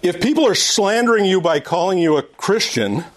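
A man's voice: high-pitched, lively intonation, moderate pace, slight background noise. A middle-aged man teaching an adult Sunday school class in a conversational way, often restarting phrases and repeating his points.

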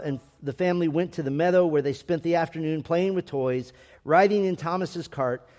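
A man with a slightly high voice tells a family story in a gentle, measured way. Each line trails into a long reverb. He reads like a patient storyteller and voices the quotes himself. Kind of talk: storybook narration.

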